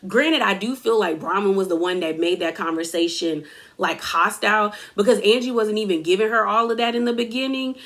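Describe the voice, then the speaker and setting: A woman's voice: medium pitch, fairly quick, a bit bright. A woman hosting a casual reality TV recap, chatty and full of fillers, laughing as she tells it. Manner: chatty, filler-heavy, laughs while telling. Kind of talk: casual episode recap and commentary.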